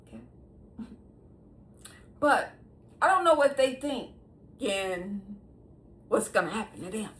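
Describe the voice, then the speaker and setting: A woman in her sixties hosting her own show, talking straight to viewers in a casual monologue and laughing often between sentences. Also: a little high. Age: 60s. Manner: talks straight to viewers, animated and emphatic. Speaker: host.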